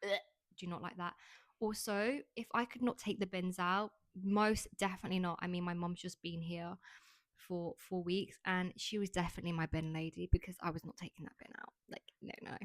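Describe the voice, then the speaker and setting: Chatty low-voiced woman podcaster. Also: fairly even intonation, normal speed, dry recording. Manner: chatty, frank, heavy use of "like". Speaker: podcast host. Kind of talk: casual monologue.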